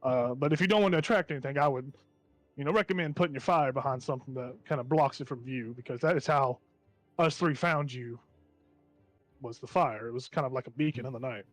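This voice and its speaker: A man's voice: medium pitch, brisk, no room sound, soft background music, close to an everyday voice. A man voicing a jovial, folksy male dwarf gunslinger who talks in a friendly country way in a tabletop game. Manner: folksy, friendly drawl, stereotypical country talk.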